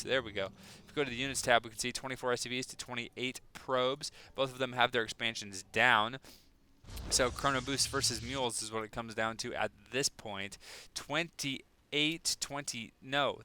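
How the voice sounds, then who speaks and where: A man's voice: mid-range voice, sharp tone, a little hiss or hum. A man casting a strategy video game in a casual, chatty way, with joking, self-deprecating asides. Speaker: game caster. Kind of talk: casual esports commentary.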